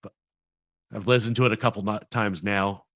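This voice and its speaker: A man's voice: lowish voice, brisk, no echo, studio quality. A man hosting a casual gaming podcast, chatting loosely and laughing often. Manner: laughs often, relaxed rambling. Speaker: podcast host.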